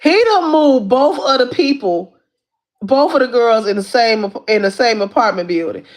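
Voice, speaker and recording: A woman hosting a casual livestream, retelling a story in an animated, repetitive way with lots of asides to her viewers. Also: on the high side, normal speed. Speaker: livestream host. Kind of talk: casual recap of a reality show.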